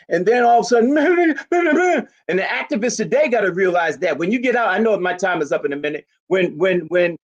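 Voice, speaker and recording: This is an elderly man in his eighties delivering a fiery speech at a community rally. His voice sits notably high for a man. He is forceful and emphatic, and he often rises to a shout. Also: lo-fi sound. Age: 80s. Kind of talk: impassioned public speech.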